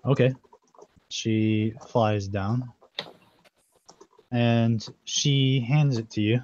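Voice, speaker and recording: A man's voice: mid-range voice, fairly even intonation, drawn-out words, darkish tone, lo-fi sound, slight background noise. A man narrating as game master of an online tabletop game, in a loose, rambling way.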